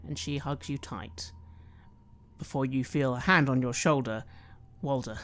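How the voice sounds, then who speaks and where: Calm man narrating as game master. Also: mid-range voice, a little slow, long pauses, dry recording. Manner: calm, descriptive, softening for emotional moments.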